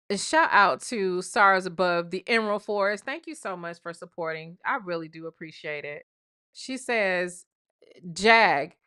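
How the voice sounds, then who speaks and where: A woman's voice: lowish voice, pushed and bright. A woman hosting a live stream, reading viewer messages and commenting in a sassy, conversational way. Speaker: livestream host.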